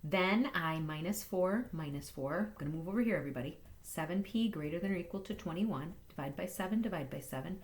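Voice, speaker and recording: A woman math teacher walking through inequality problems in a recorded lesson, upbeat and playful, talking fast. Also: fairly low pitch, lively intonation.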